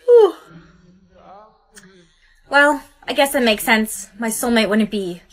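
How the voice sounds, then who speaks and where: Give me a high, synthetic text-to-speech woman reading short story skits evenly. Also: normal speed, fairly bright tone, low-quality recording. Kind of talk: text-to-speech POV skit narration.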